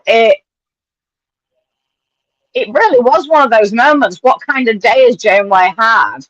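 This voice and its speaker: A woman co-hosting a casual podcast chat, talking in quick, repeated restarts and swearing casually. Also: medium pitch, fairly bright tone, dry recording, lo-fi sound. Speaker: podcast co-host.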